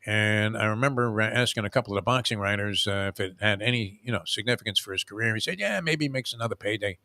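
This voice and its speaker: A man's voice: lowish voice, fairly even intonation, fast talker, bright, forceful tone, dry recording. Older man telling rambling sports stories. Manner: rambling storyteller, many fillers and restarts. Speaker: show host. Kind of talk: casual sports talk. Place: home room.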